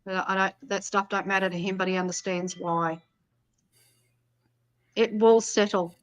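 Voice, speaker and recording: A woman's voice: mid-range voice, fairly even intonation, measured pace, poor audio. Blunt woman giving psychic readings. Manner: blunt, casual, swears freely. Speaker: psychic reader. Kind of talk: live stream reading.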